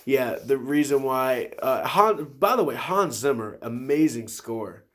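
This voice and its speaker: A man's voice: medium pitch, animated, measured pace. A man in his twenties hosting a solo podcast, talking casually and enthusiastically about movies, rambling with many restarts. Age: 20s. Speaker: podcast host.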